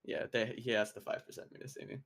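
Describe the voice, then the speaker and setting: A man's voice: mid-range voice, flat delivery, very fast, gravelly, a bit bright. A man playing a tabletop game, stating his moves matter-of-factly. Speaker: player. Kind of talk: casual tabletop play.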